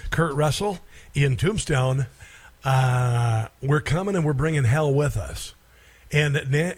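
A man's voice: mid-range voice, darkish tone, husky. A middle-aged man hosting a talk radio show, holding forth in a rambling, emphatic monologue with lots of fillers and restarts.

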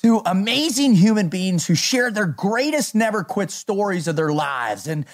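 Hyped male podcast host, lively voice. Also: high-pitched, normal speed. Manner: hyped, motivational, laughs often. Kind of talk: energetic podcast chat.

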